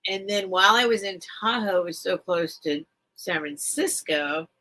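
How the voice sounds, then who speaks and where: A woman's voice: on the low side, normal speed, pushed and bright. A woman hosting a live stream, chatting casually and emotionally with viewers, rambling and repeating herself. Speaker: live-stream seller and host.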